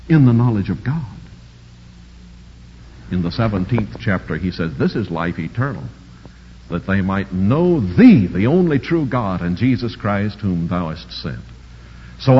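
A man delivers an emphatic sermon, driving home repeated words with swelling force and stopping to explain points of Greek grammar. His voice is husky and swoops widely in pitch, heard on a dull, lo-fi recording with a long hall echo. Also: very animated, a little slow. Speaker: preacher. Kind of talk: sermon expounding scripture.

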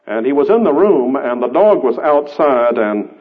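A man's voice: mid-range voice, sing-song, normal speed. Emphatic male preacher on tinny radio. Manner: emphatic, builds through repeated phrases. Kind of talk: sermon. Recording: tinny radio broadcast, phone-like band.

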